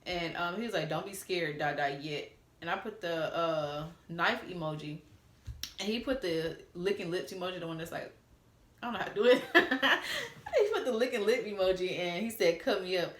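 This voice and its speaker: A young woman chatting through a storytime, candid and quick to curse as she reads old text messages aloud. Her voice sits a little low, and the room around her rings with echo. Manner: candid, cussing, chatty with asides to viewers. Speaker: storytime vlogger. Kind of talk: casual storytelling, reading out texts.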